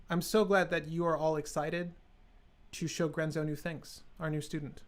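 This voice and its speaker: A man's voice: fairly high pitch, level tone, moderate pace. A man hosting a live stream, building a card game deck and joking sarcastically with his chat.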